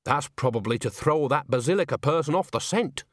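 A man's voice: fairly high pitch, expressive, brisk, no room sound, studio quality. A man doing Nanny Ogg, a cheeky old witch. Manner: chirpy, bawdy.

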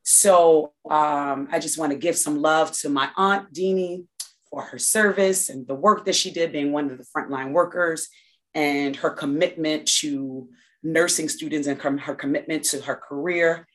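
A woman's voice: sits low, unhurried. A woman from New York, a guest in a casual interview, talking in a reflective way with many restarts and fillers.

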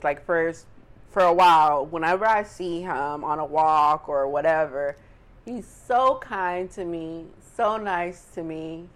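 A woman in casual conversation, expressive and quick to laugh. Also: fairly low pitch. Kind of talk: casual chat.

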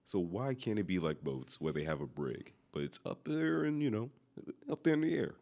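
A man co-hosting a casual podcast, laid back as he retells a news story. His voice sits very low. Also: normal speed, gravelly. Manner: relaxed storyteller, reads out news stories. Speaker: podcast co-host. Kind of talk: casual chat.

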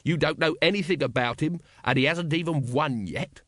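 A male narrator voicing a gloomy, exasperated watch captain who shouts in disbelief. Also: on the high side, moderate pace, no echo, studio quality, voice pushed up. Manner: exasperated outbursts.

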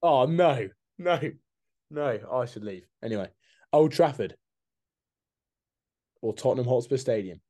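A man's voice: medium pitch, lively intonation, unhurried, long pauses, dark tone. A man co-hosting a casual podcast, joking, laughing often and quizzing his co-host with trivia. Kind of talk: casual chat.

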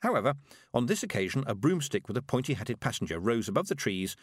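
A man reading a storybook aloud as narrator, expressive. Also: mid-range voice, fast talker, husky, no echo, clean studio sound. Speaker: audiobook narrator. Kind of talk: scripted narration.

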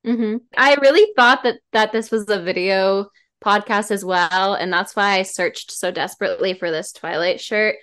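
A woman guest on a podcast, chatting casually and gushing with animated enthusiasm. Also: medium pitch, normal speed, clear, resonant tone.

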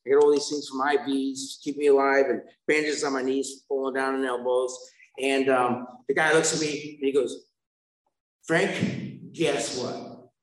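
A man's voice: mid-range voice, flat delivery, moderate pace, reverberant, poor audio. A man sharing his recovery story at a meeting, rambling and self-mocking, with asides to the listeners.

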